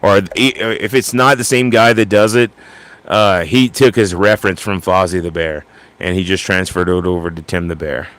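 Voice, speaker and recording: A man with a Cajun accent talking casually about doing impressions, rambling with lots of halting restarts. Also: sits low, steady tone, fairly bright tone, no room sound. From Louisiana. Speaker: vlogger.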